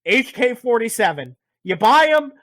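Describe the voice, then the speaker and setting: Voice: mid-range voice, sing-song, normal speed, a bit bright, dry recording. A speaker casually recapping a video game's story, rambling, joking and swearing a lot. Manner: profane, rambling, jokey. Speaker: podcast host.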